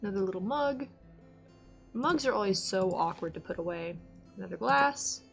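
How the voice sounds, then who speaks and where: A woman's voice: medium pitch, animated, moderate pace, creaky, soft background music. A woman streaming a game, chatting casually to herself and her viewers and getting exasperated now and then. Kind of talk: casual let's-play chat.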